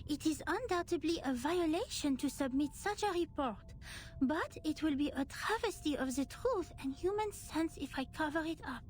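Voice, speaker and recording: A woman's voice: high voice, animated, normal speed, a little hiss or hum. A woman voicing a prim, formal young assistant in a game, speaking in a precise, slightly fussy way.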